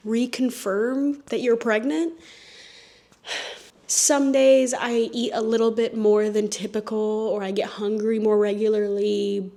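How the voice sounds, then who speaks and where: A tired, yawning woman in her twenties rambles casually to camera for her vlog, full of fillers and restarts. Her voice sits on the high side with a darkish tone, and the room is echoey.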